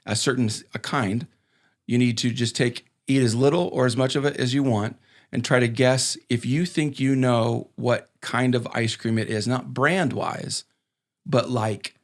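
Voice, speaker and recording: Male host, casual and playful, loose rambling delivery, average pitch. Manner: rambling, restarts sentences, playful. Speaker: podcast host. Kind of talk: casual chat.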